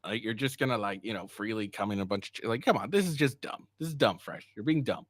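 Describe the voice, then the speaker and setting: A man commenting live on an online drama, reading screenshots verbatim and cutting in with crude, mocking remarks. His voice jumps up and down in pitch as he reacts. The sound is dry and close, with no room echo. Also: lively intonation, quick pace. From Asian heritage. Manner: profane, mocking, reads texts aloud verbatim. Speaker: streamer reacting to a podcast drama.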